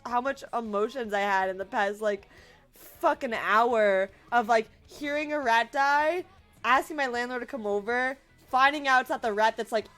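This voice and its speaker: Woman, late 20s, high-pitched, rambling, emotional, casual chat to viewers, faint background music. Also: fairly bright tone. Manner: emotional, rambling, laughing through tears. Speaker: streamer.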